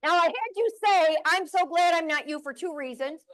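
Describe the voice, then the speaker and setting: An older woman from central New York delivers a humorous motivational keynote to a live audience in a conference room, telling stories full of chatty, playful asides. Her voice is very high-pitched and expressive, with a fairly bright tone and a moderate pace.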